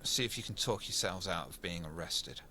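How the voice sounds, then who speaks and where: A man running a tabletop role-playing game as game master, animated and self-mocking, swearing casually. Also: deep voice, moderate pace, a little hiss or hum.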